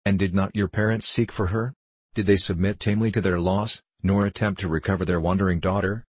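A man's voice: deep voice, steady tone, brisk, slightly rough, dry recording. A man reading the part of a devout abbot, speaking with earnest, soothing persuasion. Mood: tender. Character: tender, devout older male abbot.

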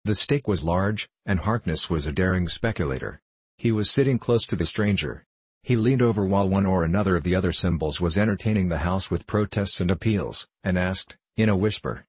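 A man narrating an audiobook in a steady, measured reading style. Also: low-pitched, slightly rough, no room sound.

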